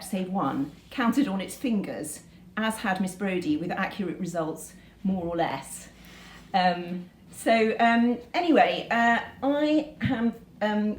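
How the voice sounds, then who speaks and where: A woman's voice: mid-range voice, roomy sound, a little hiss or hum, poor audio. A woman teacher reading a novel passage aloud to students, then chatting about it with many hesitations. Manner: hesitant, many ums between points.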